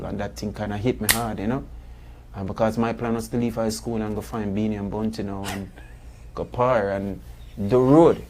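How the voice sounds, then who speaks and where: A man's voice: on the low side, little pitch movement, moderate pace, mellow, a little hiss or hum. A man, a guest musician chatting in a studio interview, telling his story with many "you know" fillers. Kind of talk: casual interview chat. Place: radio studio.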